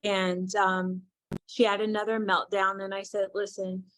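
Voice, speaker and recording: A woman recounts a personal story in a frank, thoughtful way, slipping into the voices of the people she quotes. Her voice sits at a middling pitch and sounds dry and close, with no room around it. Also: level tone, a little slow, a bit bright, no room sound, poor audio. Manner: candid, reflective, acts out quoted dialogue. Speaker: youth mentor.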